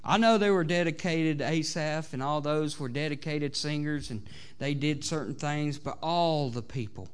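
A man with a Southern American accent preaching a sermon to a church, swinging between loud exhortation and quiet asides, often saying amen. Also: fairly high pitch, normal speed, clear, resonant tone. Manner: preachy, rising and falling between loud exhortation and soft asides, many "amens". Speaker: pastor. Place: church sanctuary.

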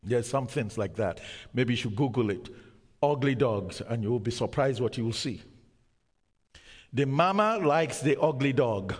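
Male preacher, middle-pitched voice, slow emphatic sermon delivery, big reverberant hall. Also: lively intonation, husky. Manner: slow, emphatic preaching with dramatic pauses and sudden drops to near-whisper.

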